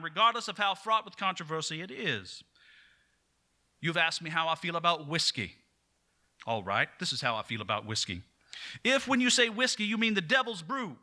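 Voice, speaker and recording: Guy doing a loud southern politician, high ringing voice, all grand speechifying. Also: exaggerated voice. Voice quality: grandiose, declamatory. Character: booming Southern male legislator orating.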